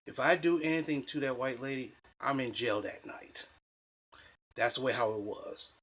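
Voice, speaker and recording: A man telling personal dating stories in a casual, animated, rambling way, swearing freely and restarting sentences. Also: mid-range voice, moderate pace, husky. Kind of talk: casual storytelling.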